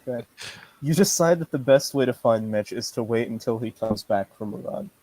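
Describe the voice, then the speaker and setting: A man hosts a relaxed late-night stream chat and reads out a text game for his co-players. He laughs often and trips over his words. His voice sits at an ordinary pitch and sounds close and dry, with no room around it. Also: normal speed, dry recording, rough recording. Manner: laughs often, stumbles and restarts while reading. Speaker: livestream host reading a text game aloud.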